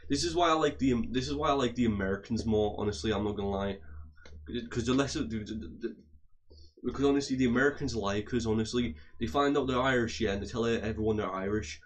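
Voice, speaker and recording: A man's voice: medium pitch, fast talker. A man ranting heatedly to his audience, swearing often and repeating and restarting his phrases. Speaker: vlogger. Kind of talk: angry profane rant to camera.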